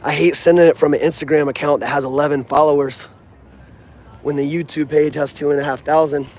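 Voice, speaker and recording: Young man, outdoor vlog, slightly high voice, earnest, slangy, casual. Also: brisk. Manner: animated, earnest, streetwise slang. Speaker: sports fan vlogger.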